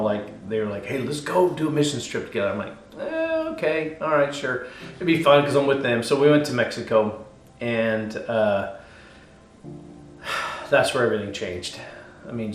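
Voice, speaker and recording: A man, a pastor, telling his life story in a casual interview, animated and swinging between loud bursts and hushed, quiet moments. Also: mid-range voice, reverberant.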